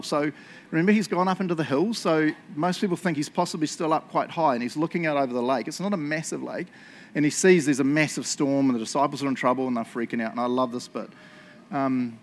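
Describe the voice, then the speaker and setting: A man preaching a casual sermon, telling stories in an excitable, chatty way and laughing along. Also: medium pitch, fast.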